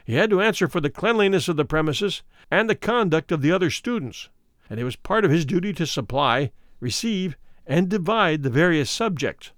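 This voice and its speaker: A man narrating a classic story as an audiobook, with deliberate and expressive storytelling. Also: a little high, no echo, studio quality.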